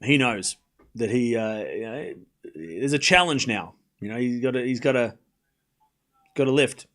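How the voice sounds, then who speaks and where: A man's voice: medium pitch, animated, unhurried, a bit bright. A man hosting a live watchalong, chatting casually with his chat, rambling with frequent fillers and restarts. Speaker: livestream watchalong host.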